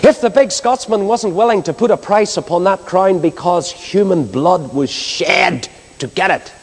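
A man preaching an impassioned evangelistic sermon, swinging from loud exclamations to hushed storytelling. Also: fairly high pitch. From Northern Ireland. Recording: long hall reverb.

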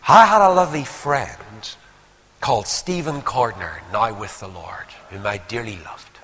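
Male preacher, lively pitch, storytelling sermon, long church-hall reverb. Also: a little slow. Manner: animated storytelling with rhetorical questions.

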